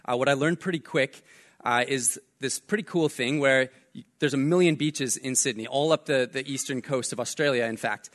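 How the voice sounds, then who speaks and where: A young man preaching a casual sermon as pastor, telling a story in a relaxed way with fillers and jokes. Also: medium pitch, normal speed.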